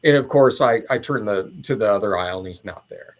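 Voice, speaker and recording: A man's voice: lowish voice, a little fast. Man telling a rambling story. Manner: meandering, animated retelling. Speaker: podcast guest. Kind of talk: casual storytelling.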